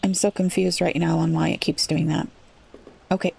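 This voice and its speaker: A woman playing a city-builder game, thinking aloud and puzzling over it, her voice a little rough today. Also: on the low side, little pitch movement, moderate pace, darkish tone. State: slightly rough voice. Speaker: let's play gamer. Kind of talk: relaxed gameplay commentary.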